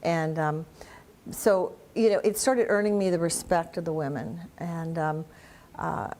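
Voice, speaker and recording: A woman's voice: deep voice, unhurried. An older woman, a guest on an interview show, telling stories with lots of laughter and restarts. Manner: animated storyteller, laughs often, many restarts. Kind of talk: conversational storytelling.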